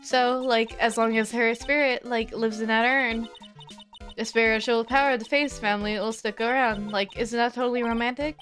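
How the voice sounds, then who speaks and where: A woman's voice: fairly high pitch, fairly even intonation, normal speed, fairly bright tone, close to an everyday voice. A woman voicing a flippant valley-girl young woman who fills every phrase with "like", over faint game music. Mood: dismissive.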